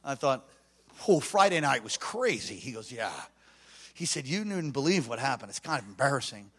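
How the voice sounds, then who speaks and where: A man preaching a revival sermon in a church, telling stories that swing from hushed asides to shouted calls. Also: medium pitch, big pitch swings, moderate pace, slightly rough. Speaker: pastor. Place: church sanctuary.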